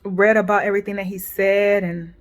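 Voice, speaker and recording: In a personal vlog, a woman in her forties talks through a painful family rift, emotional and halting, often restarting and trailing off softly. Her voice is mid-range and her delivery flat.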